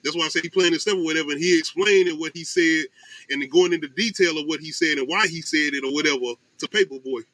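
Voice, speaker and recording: A man hosting a casual podcast chat, animated and loose, with lots of fillers. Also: fairly high pitch, fast talker, low-quality recording. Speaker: podcast host.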